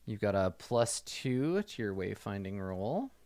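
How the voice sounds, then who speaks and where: A man running a tabletop game as its game master, narrating scenes in a loose, relaxed way with many fillers and restarts. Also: on the low side, a little slow, no room sound.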